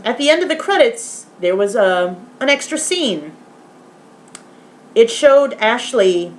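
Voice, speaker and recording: An excitable woman gives a casual vlog review of a movie, acting out the scenes as she goes. She swears freely, and her pitch leaps high when something upsets her. Now and then she breaks off to murmur gently to her pet. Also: slight background noise. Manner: animated, swearing, retelling scenes with quoted voices; softly talks aside to a pet. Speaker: vlogger.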